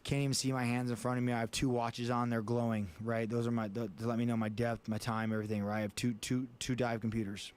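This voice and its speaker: A man's voice: mid-range voice, flat delivery, fast talker, hardly any pauses, a little mellow, slight background noise. A man, a guest on a casual talk show, telling a vivid story in plain words and swearing often.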